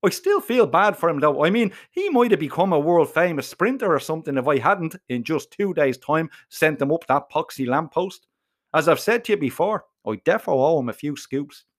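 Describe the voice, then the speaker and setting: A man telling a comic first-person story, full of swearing and slang. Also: fairly high pitch. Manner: profane, slangy, animated.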